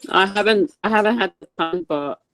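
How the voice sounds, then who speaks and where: A co-host chats in a relaxed, casual way at an everyday middle pitch. The sound is close and dry. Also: brisk, no echo. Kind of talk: casual chat.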